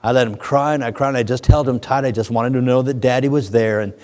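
Guy preaching a sermon, mid-range voice, goes from hushed to booming, big echoey hall. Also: steady tone, fast. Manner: storytelling that swings from hushed to booming; addresses the congregation directly. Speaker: pastor. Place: church sanctuary. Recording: long hall reverb.

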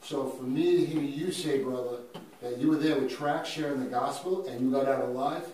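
A Brooklyn man with a medium-pitched voice tells an animated story at a moderate pace with punchy emphasis, building to loud peaks. He sounds far from the mic in a very echoey room, with a faint hiss of noise underneath.

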